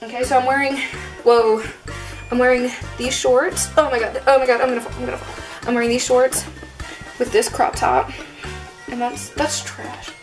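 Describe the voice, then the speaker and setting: A woman's voice: on the high side, fairly even intonation, fairly quick, over music. A young woman chatting casually through a makeup tutorial at home, self-mocking and sarcastic, with lots of "like" fillers, talking to a camera propped on a table. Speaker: beauty vlogger. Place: at home in front of a mirror.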